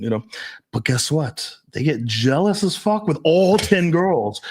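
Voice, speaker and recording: A young man hosting a casual podcast as a dating coach, animated, swearing and acting out quoted voices. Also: on the high side, measured pace, husky.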